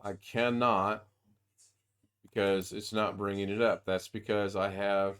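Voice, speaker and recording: A man's voice: on the low side, level tone, a little slow, fairly bright tone, clear, resonant tone. A man giving a casual screen-share tutorial over a video call, thinking aloud as he goes and rambling with frequent restarts. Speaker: software demonstrator.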